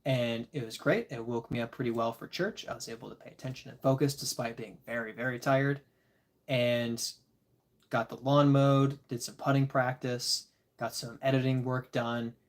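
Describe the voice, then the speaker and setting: Worn-out guy rambling to his stream chat, laid back, chuckles a lot, mid pitch. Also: fairly even intonation, normal speed. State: tired. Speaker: disc golf livestreamer reading chat. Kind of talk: casual live-stream chat.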